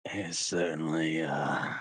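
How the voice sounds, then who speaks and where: A man voicing a sly, knowing male sentient sword who speaks slowly and deliberately in a tabletop game. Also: very deep voice, fairly even intonation, fairly bright tone, husky, dry recording, pitched below the performer's own voice, heavily acted. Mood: sly, measured. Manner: drawling, deliberate.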